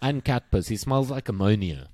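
Animated, swearing young man telling stories. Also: lowish voice, normal speed, no room sound. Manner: animated storytelling, mimics people, swears freely. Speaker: podcast co-host. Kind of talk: casual podcast chat.

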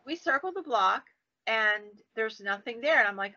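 A woman hosting a podcast, telling stories with a bright, forceful voice and acting out the quotes with lively jumps in pitch. The recording has a dull, lo-fi quality. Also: moderate pace. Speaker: podcast host and storyteller. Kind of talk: casual storytelling. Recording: dull lo-fi sound.

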